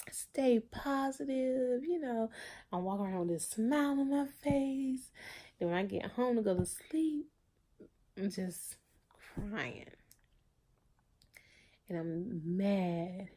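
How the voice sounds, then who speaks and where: A woman in her thirties speaking in a personal video diary, emotional and halting, often repeating herself. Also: medium pitch, warm tone. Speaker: vlogger.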